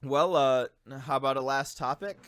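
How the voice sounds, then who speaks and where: A man's voice: mid-range voice, moderate pace, a bit bright, clear, resonant tone. A young man co-hosting a podcast, joking around and laughing often in casual chat. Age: young adult. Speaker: podcast co-host.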